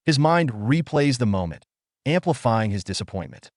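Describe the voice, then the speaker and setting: A man narrating a comic story recap in a steady, scripted storytelling manner. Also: medium pitch, normal speed, no room sound, clean studio sound.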